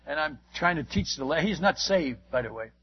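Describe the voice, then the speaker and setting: A man's voice: on the high side, expressive, a little fast, breathy edge, dull audio. A man, a missionary, telling his testimony as a sermon to a congregation, in an emphatic storytelling manner and asking his listeners direct questions.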